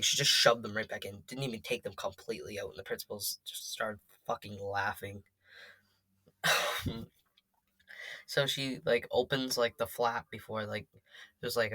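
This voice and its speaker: A man's voice: fairly low pitch, bright, forceful tone, dry recording. A teenage boy casually telling a story as a vlogger, rambling with lots of fillers and swearing. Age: teens.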